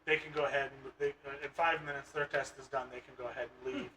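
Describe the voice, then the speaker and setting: A man's voice: mid-range voice, flat delivery, fast talker, bright, forceful tone, recorded from a distance, a little hiss or hum. A man co-hosting a podcast, telling rambling stories in a casual chat and swearing freely. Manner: rambling storyteller, swears a lot. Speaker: podcast co-host.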